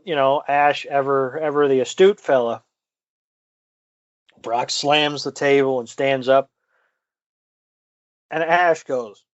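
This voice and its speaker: A man's voice: medium pitch, no echo, dull audio. A man co-hosting a podcast in casual chat, recapping with profane jokes and quoted lines. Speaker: podcast co-host.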